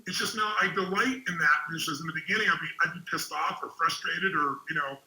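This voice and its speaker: A man hosting a relationship webinar, telling stories in an energetic, emphatic way. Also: on the high side, reverberant, poor audio. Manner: energetic and emphatic, quick storytelling. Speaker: host and relationship speaker. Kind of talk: webinar talk with storytelling.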